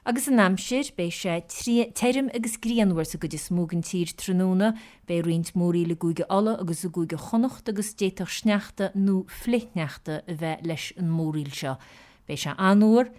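A woman reading a radio news bulletin in a measured, formal way. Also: fairly low pitch, a little mellow. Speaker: newsreader.

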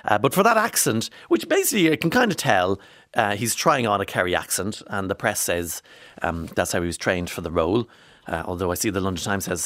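A man's voice: on the low side, very animated, fairly quick, a bit bright, no echo. A man presenting a radio show, chatting casually with frequent fillers.

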